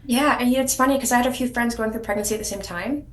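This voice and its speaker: A woman's voice: fairly high pitch, rapid-fire, roomy sound. Chatty woman telling her story. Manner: warm storytelling, frequent restarts and repeated words. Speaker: podcast guest, surrogate. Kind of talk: casual interview chat.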